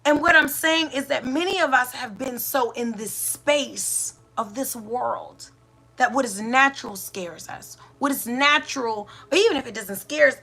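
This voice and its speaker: Bright-voiced woman musing aloud. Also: high voice, creaky. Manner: asks many rhetorical questions, with pauses and restarts. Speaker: podcast host and doula. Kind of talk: reflective spiritual monologue.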